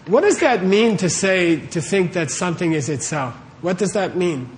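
This man's voice sits high and sounds animated, moving at normal speed with a slight hiss or hum on the recording. Speaking to a live audience in a warm room, he delivers an informal Buddhist talk, often asking questions and checking in with "okay?" and "right?".

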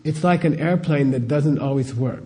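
A man's voice: on the high side, moderate pace, dark tone. A middle-aged man giving an informal spiritual teaching talk, conversational, often asking his listeners rhetorical questions and checking in with "okay?".

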